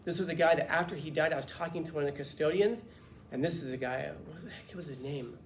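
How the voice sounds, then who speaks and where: A male teacher talks to his class in a loose, lively storytelling way, joking as he goes. His voice sits slightly high, and the classroom gives a roomy echo with faint background noise. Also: quick pace. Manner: casual, lively, swears and jokes.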